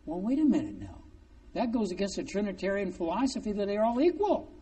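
Animated male preacher, off-mic. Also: high voice, fast, distant mic. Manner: animated, conversational, sarcastic asides. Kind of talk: sermon.

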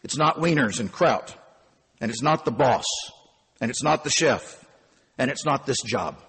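A man voicing a weary elderly night auditor speaks slowly in a low, husky tone. He is stern and plain-spoken. The voice rings in a long, echoing reverb. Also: lively intonation, a bit bright, full character voice. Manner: slow, low, stern and tired. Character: sorrowful elderly German Jewish night auditor, weary and blunt.

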